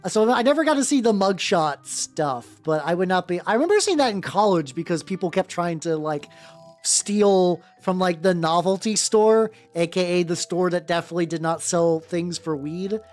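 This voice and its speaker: With lively intonation and a moderate pace, a middle-pitched American VTuber chats loosely while painting miniature terrain on stream, full of tangents, curses and restarts. Faint background music accompanies the talk.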